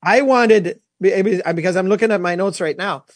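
A man, a former goalie co-hosting a casual sports talk show, telling animated stories with many restarts. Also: high-pitched, normal speed, dry recording, clean studio sound. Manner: animated storyteller, lots of restarts.

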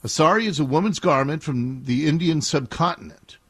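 A man from the Seattle area hosting a talk radio show, animated and indignant, arguing playfully with his co-hosts. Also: a little high, fairly quick, slightly rough. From Seattle area, USA.

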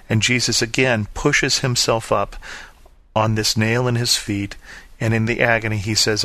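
Earnest man preaching with a bright, dry voice. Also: lowish voice, steady tone, moderate pace, dry recording. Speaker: pastor. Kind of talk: sermon.

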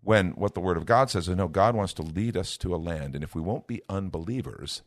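A man with a low, deep voice teaches from the Bible in a relaxed, conversational tone. He is a middle-aged minister with an earnest delivery who brightens into playful voices when imitating people. The sound is dry and close, with no room around it. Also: brisk, no room sound. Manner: earnest, lifts his voice to act out everyday speech.

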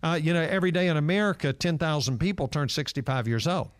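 Talking fast in a fairly high, animated voice with no room sound, this man is a nonprofit leader answering an interview. He tells stories earnestly, with lots of fillers.

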